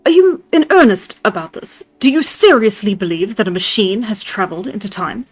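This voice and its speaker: A woman's voice: medium pitch, lively intonation, brisk, close to an everyday voice. A woman voicing a skeptical Victorian doctor who questions the inventor.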